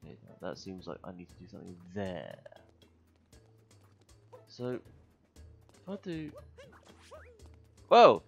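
A man commentating his gameplay, muttering to himself between loud, swearing outbursts, a little tired. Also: low voice, sing-song, slow pace, vocal fry, pauses often. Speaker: gaming video host. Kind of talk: let's play commentary. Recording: faint game music behind.

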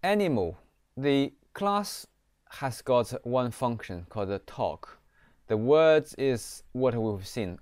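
A man giving a screen-recorded programming lesson, reading code aloud and often pausing on "okay". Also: mid-range voice, animated, darkish tone, clear, resonant tone, dry recording. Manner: slow, repeats "okay", reads code aloud. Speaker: programming teacher. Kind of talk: screen-recorded coding tutorial.

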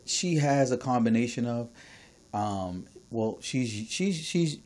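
A man from New York with a New York accent, co-hosting a casual podcast chat, animated and emphatic, swinging between loud bursts and soft asides. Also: medium pitch, slow, a loud crowd. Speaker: podcast co-host.

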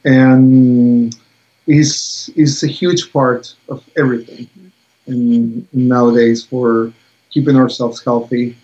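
A man's voice: mid-range voice, flat delivery, slow, warm tone, muffled recording. A man speaking as a guest expert in a casual science interview, hesitant, with many fillers, over a video call.

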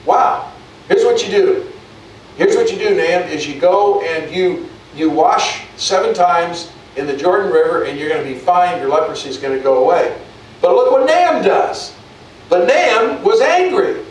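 Man preaching a loose, talky sermon; fairly high voice, recorded from a distance in an echoey hall with faint hum. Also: animated, moderate pace. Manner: conversational preaching with many restarts and repeated words. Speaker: pastor.

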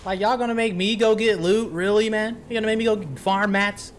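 A man streaming a video game, chatting in a slangy, animated way to himself and his viewers. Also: high-pitched, fairly quick, slight background noise. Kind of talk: casual gameplay commentary.

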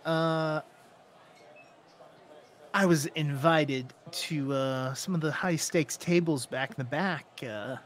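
A man's voice: fairly high pitch, slow pace, pauses often. A man doing a sleazy flirting gambler. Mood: smarmy. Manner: smarmy, drawling come-ons.

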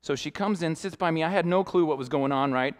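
A young man, a youth pastor, preaching a sermon built around a personal story, talking in an animated way and acting out the people he quotes. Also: fairly high pitch, fast. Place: church sanctuary.

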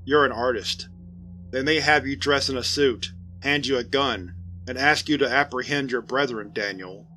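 A man voicing a sly male spirit that speaks from a coffin, in a soft, hushed and mocking way, with faint music behind. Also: on the high side, animated, normal speed, hardly any pauses, close to an everyday voice. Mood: softly taunting.

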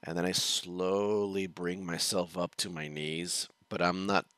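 A man with a low, deep voice that still has a bright, forceful edge tells a rambling personal story on a reaction stream. He chuckles often and keeps restarting his sentences. The recording is dry, with no room sound. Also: little pitch movement, unhurried, no room sound. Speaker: reaction show host. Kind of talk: casual storytelling.

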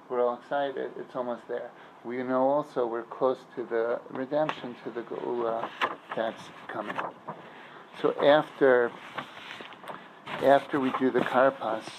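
This man is a rabbi teaching casually in a synagogue, weaving stories and comparisons in a chatty way while pausing for the right words. Medium-pitched, he comes through lo-fi with a little background noise.

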